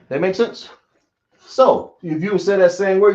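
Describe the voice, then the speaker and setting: A man teaching a language lesson, speaking slowly and often checking whether his listeners understand. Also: sits high, wildly swooping pitch, darkish tone. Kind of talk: classroom lesson. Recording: echoey room, dull lo-fi sound.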